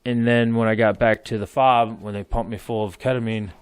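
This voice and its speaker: A man's voice: on the low side, steady tone, a little fast, clear, resonant tone, dry recording, clean studio sound. A man in his thirties telling war stories in casual podcast chat, rambling, laughing and swearing freely. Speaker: podcast guest, military veteran. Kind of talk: casual storytelling.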